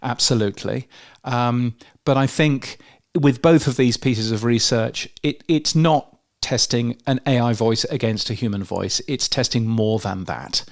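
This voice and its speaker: A man's voice: medium pitch, a little slow. London-accented man, rambling podcast host. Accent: London English. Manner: hesitant, many fillers and restarts. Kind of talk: casual news chat.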